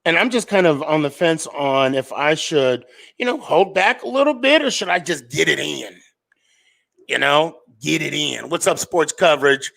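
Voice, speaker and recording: Hosting a live sports podcast, a man with a slightly high voice and vocal fry rambles loosely from point to point at a moderate pace. His relaxed, casual talk is full of fillers and restarts.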